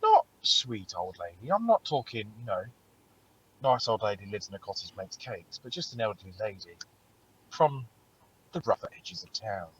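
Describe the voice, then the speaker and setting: A man's voice: on the low side, moderate pace, muffled recording, slight background noise. A man co-hosting a casual podcast and telling stories animatedly, swearing a lot. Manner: animated storytelling, heavy swearing. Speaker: podcast co-host. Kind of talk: casual chat.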